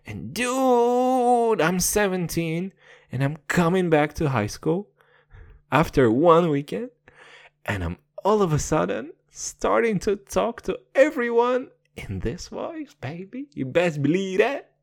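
A man hosting a podcast, talking in an excitable, profane, jokey way. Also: measured pace, creaky. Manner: excitable, profane, jokey, with big pitch swings. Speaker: podcast host. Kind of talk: casual podcast chat.

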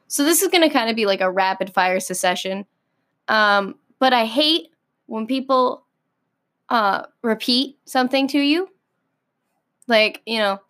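High-voiced young woman ranting exasperatedly. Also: moderate pace. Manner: exasperated, animated ranting with many likes and ums. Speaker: podcast host. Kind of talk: solo podcast rant.

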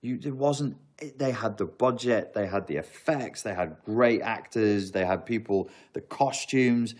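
A man's voice: on the low side, a little slow, darkish tone. A man streaming live, answering chat questions in a casual chat and ranting with emphatic repeats. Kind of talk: casual livestream Q&A.

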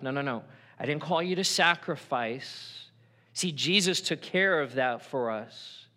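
A man's voice: high voice, bright, forceful tone. A middle-aged man preaching a sermon in church, earnest and conversational, acting out quotes as he goes. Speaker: pastor.

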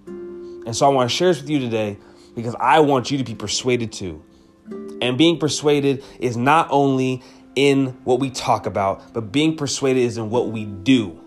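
A man's voice: medium pitch, normal speed, faint music behind. A man hosting a devotional podcast episode, speaking earnestly and with emotion, repeating key phrases for emphasis. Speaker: podcast host.

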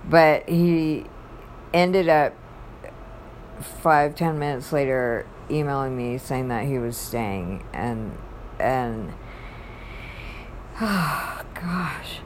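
Woman, low-pitched voice, slow delivery, rambling halting faith talk. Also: lively intonation, a little hiss or hum. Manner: rambling, halting, restarts mid-thought.

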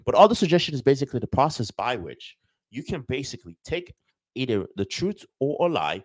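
A man's voice: mid-range voice, sing-song, a little fast, dry recording. A man talking casually to his viewers, rambling through a lesson and acting out everyday scenes. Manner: rambling, acts out little scenes with voices. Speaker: self-help video host. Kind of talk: casual teaching talk to viewers.

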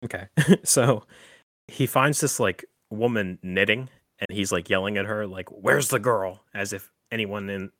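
Low-voiced man rambling through a recap. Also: fairly even intonation, moderate pace, a bit bright, no echo. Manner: rambling, filler-heavy with frequent "like" and "um". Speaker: podcast host. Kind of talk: casual chat recapping a horror film.

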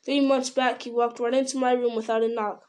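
A woman's voice: fairly high pitch, little pitch movement, brisk, a little mellow, close to an everyday voice. A woman voicing a fussy, rambling middle-aged male innkeeper with a folksy, apologetic way of talking.

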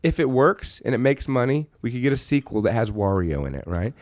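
A man's voice: medium pitch, fairly quick, no echo. Podcast dude, swoops all over when he talks, swears a lot, dry close mic. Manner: animated, profane, excitable. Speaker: podcast co-host. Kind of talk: casual chat.

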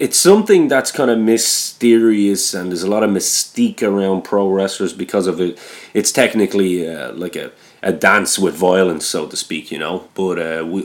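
A man hosting a podcast interview, asking relaxed, hesitant questions full of fillers. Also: sits low. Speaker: podcast host. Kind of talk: casual interview.

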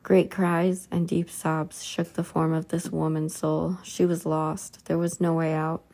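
A woman reads a religious book aloud in a slow, halting way, stumbling and restarting now and then. Her voice is low and flat, with a gravelly, mellow tone. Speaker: reader.

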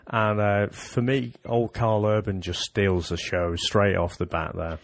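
A man co-hosting a TV review podcast, giving measured, thoughtful opinions. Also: fairly low pitch, level tone, no room sound. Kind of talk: casual review chat.

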